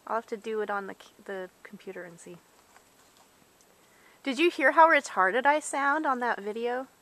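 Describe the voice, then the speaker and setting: A woman's voice: a little high, animated, normal speed, a bit bright, slight background noise. A woman casually rambling while filming wildlife, chatting on the phone at the same time, recorded on a handheld camcorder's built-in mic.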